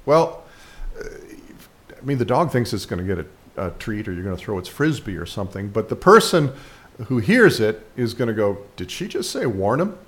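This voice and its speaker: Low-voiced man explaining dog training. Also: sing-song, normal speed, fairly bright tone. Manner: conversational, with frequent fillers and restarts. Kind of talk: casual instructional commentary.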